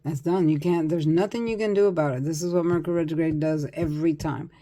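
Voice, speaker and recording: A woman's voice: deep voice, fairly even intonation, fast talker, warm tone. An older woman giving a casual, chatty psychic tarot reading, repeating herself and laughing often. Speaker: tarot reader.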